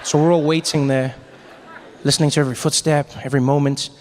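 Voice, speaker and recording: A stand-up comedian from Africa telling a story in an animated way, breaking into shouted impressions. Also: male voice, a little high, fast talker, background noise.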